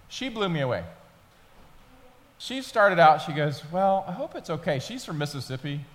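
A man in his thirties preaching a sermon as pastor, telling stories conversationally and building in intensity. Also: mid-range voice. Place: church sanctuary. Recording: long hall reverb.

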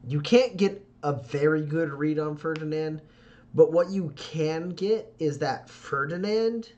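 A man narrating as game master of a tabletop game, relaxed and descriptive with filler pauses. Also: fairly high pitch.

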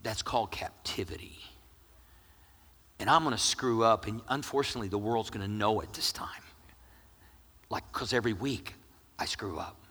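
Male pastor, sermon, middle-aged, jokey, loud then hushed, crisp bright tone. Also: fairly low pitch, normal speed, pauses often, long reverb tail. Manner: animated, jokey preaching, swinging from loud to hushed.

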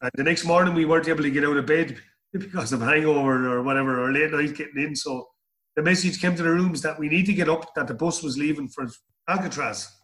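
A middle-aged man from Ireland tells stories at a quick pace during an interview where he is the guest. His voice is slightly high and fairly bright, and he rambles, repeating words.

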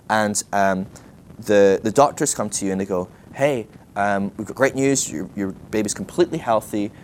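Animated man teaching casually. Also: on the low side, a little hiss or hum. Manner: lively, animated, acts out quoted voices. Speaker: ministry school teacher.

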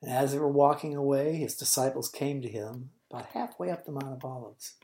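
Low, dark-voiced woman preaching a story. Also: a little fast. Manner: vivid retelling that swings from booming to hushed. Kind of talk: sermon storytelling.

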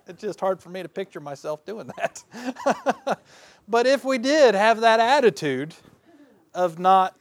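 Folksy man preaching, self-mocking, higher voice. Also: expressive, slow, long pauses, dry recording. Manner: folksy, self-deprecating, laughs often; swings between loud bursts and quiet asides. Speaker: pastor. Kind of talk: sermon.

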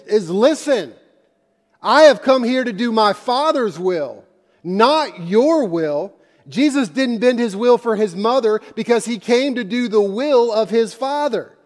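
A man's voice: high voice, a little mellow. A man preaching a sermon as a pastor, with impassioned emphasis and conversational asides, in a church sanctuary. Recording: long hall reverb.

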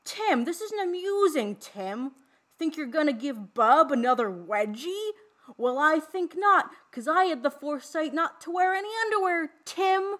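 A woman's voice: animated, a bit bright. A woman putting on a campy, drawling man's voice as she acts out a movie line. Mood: mock-annoyed. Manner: slow, high, drawn-out campy delivery. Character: campy drawling man calling out to a friend.

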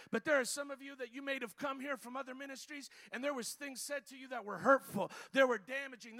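A man preaching a charismatic sermon, shouting repetitive exhortations and dropping to quiet asides between them. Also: very high voice.

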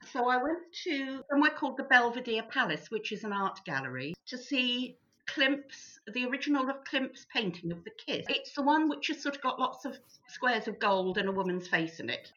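A woman from England telling holiday stories in a casual chat with friends, animated and chatty. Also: fairly high pitch. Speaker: group member sharing stories. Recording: dull lo-fi sound.

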